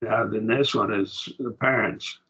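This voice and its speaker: A man's voice: fairly low pitch, fairly even intonation, a little slow, a bit bright, breathy edge, dull audio. A man teaching a Greek grammar class, explaining patiently and often checking that students follow. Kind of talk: classroom lesson.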